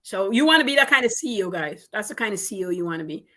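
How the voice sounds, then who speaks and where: A woman business coach giving advice in an interview, animated and emphatic, repeating her points for stress. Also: medium pitch, very fast.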